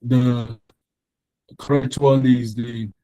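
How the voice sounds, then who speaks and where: This exam tutor speaks extremely slowly in a flat, mid-range voice that is mellow and dark, guiding an online prep lesson through answers on a shared screen. The rough computer-mic recording is dry and close. He is patient, repeating phrases and restarting sentences amid many ums.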